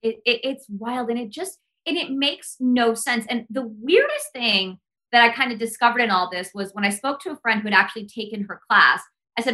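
Bright-voiced woman from Texas, emphatic. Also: a little high, lively intonation, brisk. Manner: emphatic, runs on with "like" and "right?". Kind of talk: casual gossip chat.

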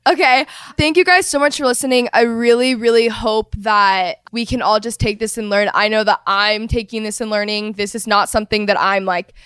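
A woman's voice: medium pitch, steady tone, moderate pace, few pauses, a bit bright, smooth, no room sound, clean studio sound. A young woman hosting a podcast in casual chat, effusive and gushing, full of "like" fillers. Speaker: podcast host.

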